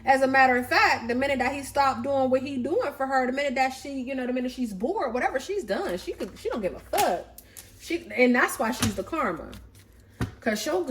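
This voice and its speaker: A woman's voice: a little high, a little hiss or hum. A woman giving a casual tarot reading, telling a love-triangle story in a dramatic, gossipy, profane way. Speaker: tarot reader.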